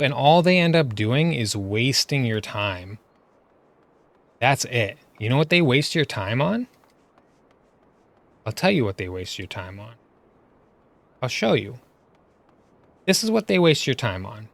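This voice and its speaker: Over gameplay footage, a male gaming commentator vents his frustration in a mid-range, sing-song voice with vocal fry, speaking at a measured pace and pausing often. His tone is fairly bright and chatty, peppered with "right?" and "you know what I mean?", with no room sound.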